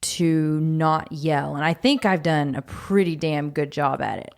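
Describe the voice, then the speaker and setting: A middle-aged woman with a fairly low voice co-hosts a casual podcast. She speaks frankly and plainly, close to the mic, in a dry room with no echo. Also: a little slow, creaky. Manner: self-described loud, frank and direct. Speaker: podcast co-host. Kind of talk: casual chat.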